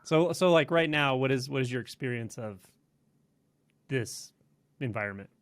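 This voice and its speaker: A man hosting an interview, asking gentle probing questions. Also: mid-range voice, expressive, moderate pace, a little hiss or hum. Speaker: host.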